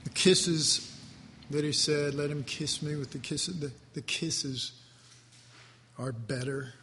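Slow, deeply moved male preacher. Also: fairly even intonation, fairly bright tone, slight background noise. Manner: slow, emotional, moved, drawn-out emphasis. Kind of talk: sermon. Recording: reverberant hall, faint ambience.

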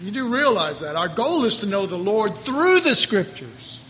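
Bright high-voiced man teaching the Bible. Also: sing-song, normal speed, big-room sound. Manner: folksy, chuckling asides, conversational preaching. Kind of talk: sermon.

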